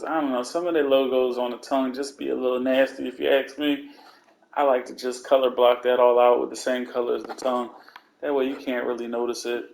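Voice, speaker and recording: A man giving a casual, slangy voice-over, calmly walking through steps one by one. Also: mid-range voice, gravelly. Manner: relaxed, laid-back step-by-step instructions; slangy, conversational asides. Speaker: video game content creator.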